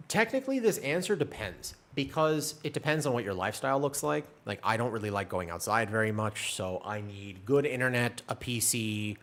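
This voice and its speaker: A man's voice: lowish voice, fairly bright tone. A man streaming and chatting casually, answering his chat in a rambling, talkative way. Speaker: game streamer.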